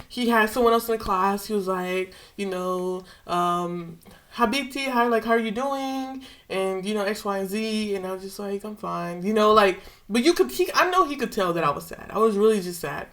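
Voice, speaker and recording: A woman's voice: medium pitch, moderate pace, fairly bright tone. A young woman vlogger casually retelling a personal story with slang and emotion.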